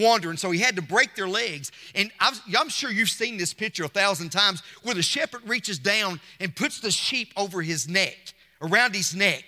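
A man preaches with emphatic repetition and rousing call-outs. His voice is high and very bright, swinging widely in pitch. The sound rings with the long reverb of a church hall. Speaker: pastor. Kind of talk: Mother's Day sermon. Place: church sanctuary.

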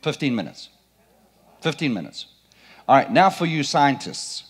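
Animated, playful male preacher. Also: mid-range voice, a little slow, breathy edge. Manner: animated, playful, quizzes the congregation. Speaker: pastor. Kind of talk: sermon. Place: church sanctuary.

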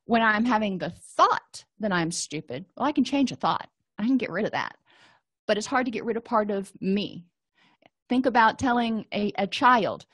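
A middle-aged woman counselor giving a calm, explanatory lecture and walking listeners through exercises. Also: mid-range voice, normal speed, slightly rough, no echo. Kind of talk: recorded lecture.

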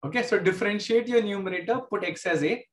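A man's voice: high-pitched, quick pace, fairly bright tone, reverberant. A man teaching a math class with an Indian English accent, explaining step by step and repeating key points. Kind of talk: classroom lecture.

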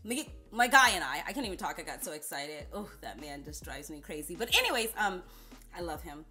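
A woman's voice: sits low, animated, fairly quick, bright, forceful tone, faint music behind. A woman vlogger telling chatty, playful stories straight to her viewers. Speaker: beauty vlogger. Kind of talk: casual storytelling vlog.

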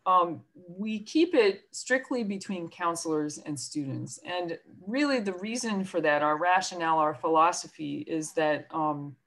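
A woman's voice: on the low side, unhurried, few pauses, a bit bright. A woman school counselor with a New York accent, giving a chatty presentation to parents on a video call with many fillers and self-deprecating asides.

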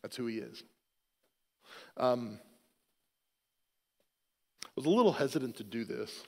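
A man preaching a sermon as pastor, telling a family story in a relaxed, joking, self-deprecating way. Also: medium pitch, a little slow, gravelly, in a large hall. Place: church sanctuary.

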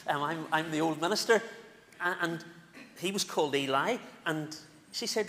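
A male minister with a Northern Irish accent, giving an animated, playful children's talk in a church service. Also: fairly high pitch, normal speed. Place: church sanctuary. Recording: echoey church with faint room noise.

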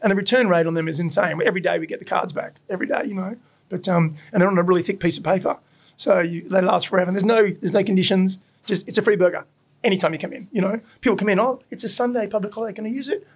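A man's voice: high voice, very fast, slightly rough. An Australian man who owns a burger restaurant, chatting in a casual interview, swearing freely and acting out the voices in his stories. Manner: animated storyteller, swears freely, acts out quoted voices. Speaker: burger restaurant owner, guest.

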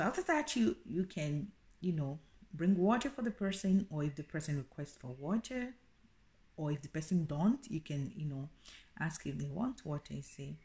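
A woman teaches a casual video lesson. Her voice sits low and mellow, and she says each phrase twice, explaining it slowly. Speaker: language teacher.

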